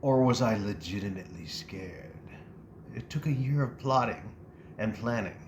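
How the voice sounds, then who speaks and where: A middle-aged man from Texas telling comic stories from his childhood, animated and laughing as he acts out moments. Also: lowish voice, moderate pace, noisy background. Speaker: storyteller. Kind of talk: comic personal storytelling. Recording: roomy sound with faint music.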